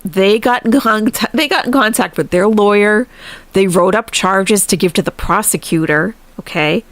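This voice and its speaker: A woman's voice: mid-range voice, moderate pace, no echo. A woman hosting a live stream, chatting casually and animatedly, laughing often and thanking viewers.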